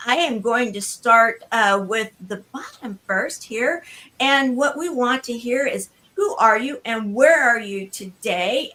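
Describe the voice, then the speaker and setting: Bubbly party host lady on a video call, bright voice, kinda high. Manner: bubbly, effusive, calls on guests. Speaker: show host. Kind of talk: live online party show hosting.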